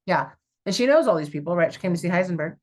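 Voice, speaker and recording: A woman from Southern California, a stage actor, chatting as a guest and telling stories in an animated way, with many fillers. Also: fairly low pitch, quick pace. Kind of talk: casual conversational storytelling.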